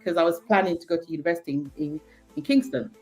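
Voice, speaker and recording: A woman from Jamaica with a Jamaican accent, a guest telling stories in a casual, animated chat, laughing often and using many fillers. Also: on the low side, racing, soft background music.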